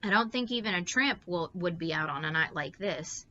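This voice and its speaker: A woman voicing a calm, practical mother who reassures her children briskly and lightly. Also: fairly low pitch, highs cut off.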